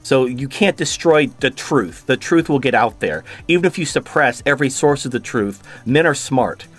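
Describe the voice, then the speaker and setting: A man's voice: mid-range voice, expressive, moderate pace, soft background music. A man hosting a video, delivering an angry, profane rant of commentary in furious bursts. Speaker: video host reacting to a clip.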